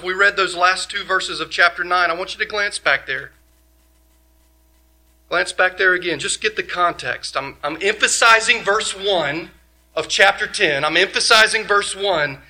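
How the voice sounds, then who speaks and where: A high-pitched male pastor delivers an emphatic sermon, firing off many rhetorical questions and swinging between loud and quiet.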